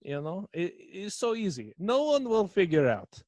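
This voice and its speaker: A man's voice: high-pitched, very animated, normal speed, no room sound, voice pushed up. Man putting on a pompous mock-Russian cult leader. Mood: boastful. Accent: mock Russian drifting into mock French. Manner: loud, pompous, broken grammar. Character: boastful filthy Russian mad-monk cult leader man.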